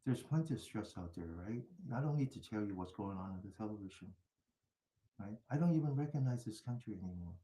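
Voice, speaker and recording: A man's voice: fairly low pitch, lively intonation, quick pace, dark tone, roomy sound. An older man teaching a mindfulness class, telling stories in a chatty way and often asking "right?". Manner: chatty storytelling with frequent laughs and rhetorical "right?".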